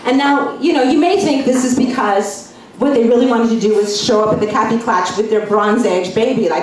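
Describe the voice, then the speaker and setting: High, animated woman doing stand-up. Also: normal speed, slight background noise. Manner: chatty, rambling with many fillers. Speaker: stand-up comic. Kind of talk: stand-up comedy. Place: cafe stage, live comedy set. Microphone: far camera. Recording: echoey room from far off.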